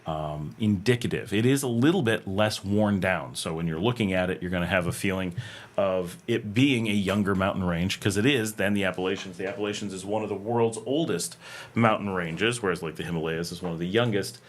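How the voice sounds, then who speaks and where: This livestream host is an American man speaking from an air-conditioned room at home, his voice low and his pace fairly quick. Reading out comments from viewers, he responds casually, rambling and thinking aloud with plenty of fillers and false starts.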